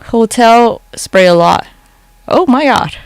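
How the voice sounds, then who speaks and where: Rambling, cursing livestreamer with vocal fry. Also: medium pitch, lively intonation, slow, no echo. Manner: rambling, swears a lot, answers chat comments. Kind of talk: casual late-night live-stream chat. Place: home at night. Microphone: phone.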